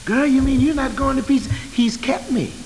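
A woman's voice: high voice, normal speed, darkish tone, voice pushed up. A preacher doing a serene church woman. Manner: serene, cheerfully offering hospitality. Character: calm churchgoing woman unshaken after a storm. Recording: archival sermon tape in a hall with faint hiss.

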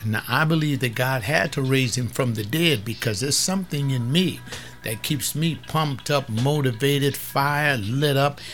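A man's voice: medium pitch, a little slow, fairly bright tone, soft background music. A man preaching a fiery sermon on a webcast, scolding and confrontational as he reads and explains verses.

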